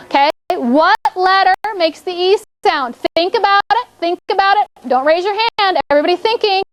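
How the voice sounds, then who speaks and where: A woman's voice: very high-pitched, normal speed, slight background noise, poor audio. A woman teaching a classroom, coaxing pupils through call-and-response prompts. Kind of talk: classroom instruction.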